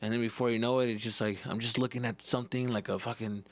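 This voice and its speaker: A man, a comedian hosting his own podcast, tells profane, animated stories from his childhood and acts out the scenes as he goes. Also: mid-range voice, fast. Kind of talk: profane comedic storytelling monologue.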